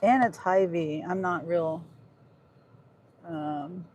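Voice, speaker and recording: A woman's voice: fairly low pitch, slow pace, darkish tone. A woman livestreaming as a delivery driver, chatting casually and reading viewer comments aloud while she drives. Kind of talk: casual live stream chat. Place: inside a car while driving. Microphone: phone mounted on the dash. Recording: noisy in-car phone recording.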